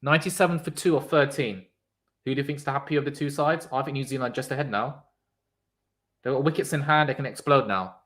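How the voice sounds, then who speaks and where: A man giving casual live cricket commentary on a stream, reacting loudly to the play and chatting with viewers in the chat. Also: mid-range voice, quick pace.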